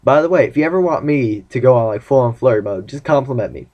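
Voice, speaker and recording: A man's voice: medium pitch, lively intonation, quick pace. Chatty young man, lo-fi webcam sound. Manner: chatty, rambling, self-mocking. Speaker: vlogger. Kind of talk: casual storytelling vlog.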